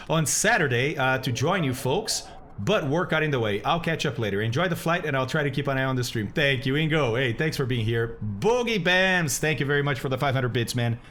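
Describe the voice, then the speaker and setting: A male flight-sim streamer talks casually to his viewers, thanking them and reading chat aloud. His pitch moves around animatedly and he laughs easily. A faint hum of noise sits under the home recording. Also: a bit bright. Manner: chatty, reads chat aloud, laughs often.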